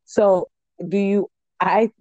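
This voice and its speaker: Middle-aged woman pushing back with questions, warm-ish low tone, muffled recording. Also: fairly even intonation, takes it slowly, dry recording. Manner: probing, questioning. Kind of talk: casual conversation. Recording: dull lo-fi audio with faint noise.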